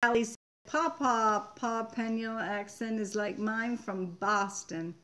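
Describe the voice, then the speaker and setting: A woman's voice: fairly high pitch, takes it slowly, a bit bright, a little hiss or hum. An older woman from Maine hosting a casual live-stream chat, reading viewers' comments aloud in a chatty way. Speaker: homestead channel host.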